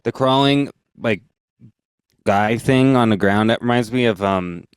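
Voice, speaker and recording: A man's voice: on the low side, unhurried, clean tone, no echo. A man chatting casually about music, rambling with many fillers and laughing easily.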